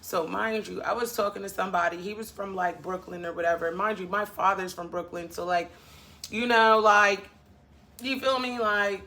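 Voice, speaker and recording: A woman's voice: mid-range voice, fairly even intonation, normal speed, bright, forceful tone. A woman vlogger from the northern US, venting bluntly in a casual chat to camera, with sassy asides to her viewers.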